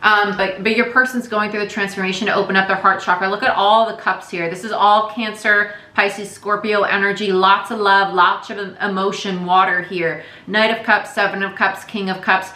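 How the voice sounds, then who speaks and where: A woman's voice: medium pitch, flat delivery, normal speed, hardly any pauses, pushed and bright, echoey room. A woman giving a casual, chatty tarot reading, speaking candidly and swearing now and then. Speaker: tarot reader.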